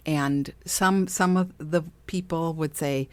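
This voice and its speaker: Her voice sits low and her tone stays steady as she talks at a slow pace with few pauses. She's a middle-aged woman hosting a podcast on spiritual self-help, laughing often, chatting casually and voicing the people she quotes. No room sound is audible.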